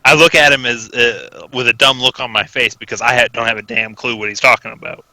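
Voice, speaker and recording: A man's voice: mid-range voice, fairly quick, bright, forceful tone, no room sound, poor audio. A man playing a tabletop game, talking hesitantly with many restarts. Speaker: player. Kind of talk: casual tabletop play.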